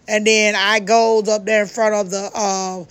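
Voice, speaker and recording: An older woman from Georgia, telling a heated first-person story loudly, with lots of swearing and restarts. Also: mid-range voice, level tone, unhurried, no room sound. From Georgia, United States. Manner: loud, heated, profane, many restarts. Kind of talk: angry first-person account.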